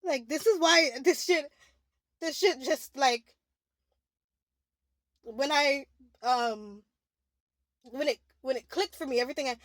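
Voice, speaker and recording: A woman's voice: sits high, takes it slowly, long pauses, no echo. A young adult woman in a candid, emotional confessional monologue, rambling with many restarts and "like" fillers. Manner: rambling, heavy use of "like", restarts. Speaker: spiritual vlogger.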